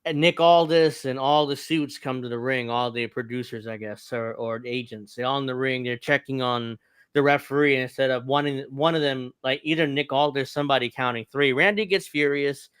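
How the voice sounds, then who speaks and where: Smooth-voiced man recapping wrestling. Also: mid-range voice, steady tone, moderate pace, a bit bright, dry recording. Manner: rambling recap with chuckles. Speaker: podcast host. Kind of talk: casual wrestling review chat.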